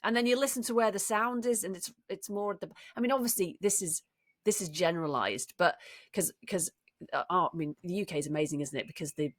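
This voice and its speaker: A woman's voice: lowish voice, fast talker, no echo, studio quality. A woman co-hosting a podcast, chatting casually and thinking aloud with frequent restarts. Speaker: podcast co-host. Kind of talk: casual chat.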